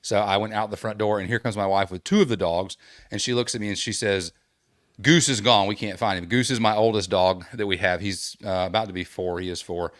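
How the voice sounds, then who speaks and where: Chill guy with a low voice telling a story from his front room, dry audio. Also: fairly even intonation, a little fast, no room sound. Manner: laid-back, apologetic, easily laughing. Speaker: podcast co-host. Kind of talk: casual podcast chat.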